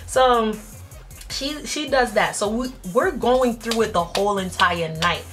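A woman in her twenties telling a personal story in a casual vlog, blunt and slangy, jumping up in pitch when she acts out quotes. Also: measured pace, soft background music. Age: 20s. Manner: animated, jumps up in pitch when acting out quotes; slangy, blunt, self-mocking. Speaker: vlogger.

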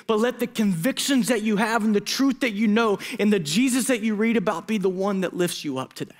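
A man in his thirties, a student pastor preaching a sermon, telling a personal story with emotion and quick asides. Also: high-pitched. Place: church hall.

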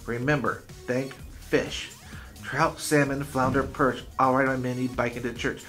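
A man's voice: medium pitch, little pitch movement, unhurried, fairly bright tone, faint music behind, close to an everyday voice. A man reading aloud, voicing an eager boy who coaxes his friend with chanted repetition. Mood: chanting. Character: boy eager to cook worm.

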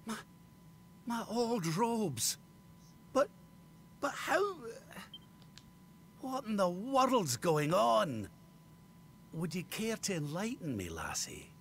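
A man's voice: high voice, sing-song, slow pace, pauses often, fairly bright tone, a little hiss or hum, heavily acted. An actor playing a bewildered old king, in a video game. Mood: puzzled.

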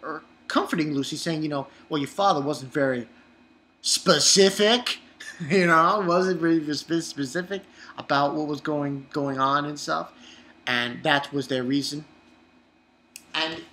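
A man's voice: a little high, bright, forceful tone. A man giving a casual, rambling anime episode review, swearing freely and chuckling at his own asides.

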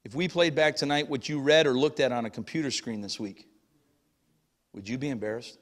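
Recorded in a church sanctuary with long hall reverb, a middle-aged male pastor preaches a sermon, shifting between shouted passages and hushed asides. His voice is medium in pitch and his pace brisk.

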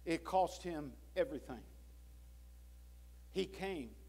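A man preaching a sermon in a church, swinging from loud pleading to hushed low tones and acting out prayers and God's words. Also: lively intonation, takes it slowly, gravelly, slightly rough. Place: church sanctuary.

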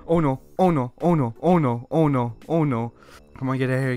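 A young man hosting a gaming video, commenting excitedly, laughing and yelling at what happens in the game. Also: mid-range voice, fairly quick, soft background music.

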